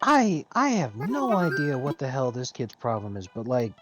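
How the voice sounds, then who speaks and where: A woman's voice: extremely low pitch, normal speed, over music. A woman on a live stream chatting casually, ranting with frequent swearing. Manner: animated, profane ranting. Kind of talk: casual chat.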